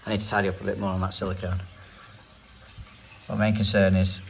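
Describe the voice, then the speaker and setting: Low-voiced english plumber bloke chatting through a toilet job, dry moany asides. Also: male voice, monotone, a little fast, vocal fry, a little hiss or hum. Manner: chatty, dry grumbling asides while working. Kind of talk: casual work vlog narration. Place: indoor bathroom on a job.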